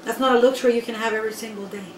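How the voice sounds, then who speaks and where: A woman's voice: on the high side, racing. Emphatic woman telling her story. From Guatemala. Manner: emphatic, animated storyteller who addresses the listeners directly. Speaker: interviewee. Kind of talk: personal storytelling interview. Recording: echoey room, voice from far off, faint background noise.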